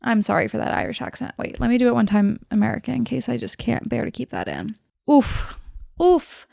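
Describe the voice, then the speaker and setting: A woman's voice: fairly high pitch, fast talker, gravelly, a little mellow, no echo, clean studio sound. A young woman hosting a podcast, retelling a classic novel in a chatty, irreverent way full of slangy asides. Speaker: podcast host. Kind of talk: casual book-report retelling.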